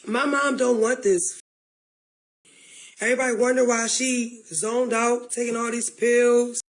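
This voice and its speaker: A woman's voice: fairly high pitch, fairly even intonation, slow pace, pauses often, low-quality recording. A woman talking on a livestream, close to tears, pleading and repeating herself. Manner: pleading, repetitive. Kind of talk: emotional livestream talk.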